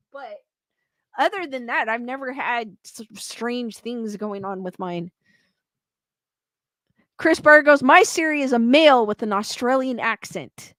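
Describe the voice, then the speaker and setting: A woman's voice: a little high, animated, takes it slowly, long pauses, a bit bright, dry recording. A woman hosting a livestream, chatting casually, reading viewer comments aloud and laughing often. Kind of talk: casual chat.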